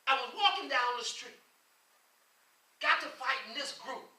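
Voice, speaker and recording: A man's voice: very high-pitched, a little slow, bright, forceful tone. A male pastor preaching a fervent sermon, repeating his calls with passion, recorded from a distance in an echoing church. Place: church sanctuary.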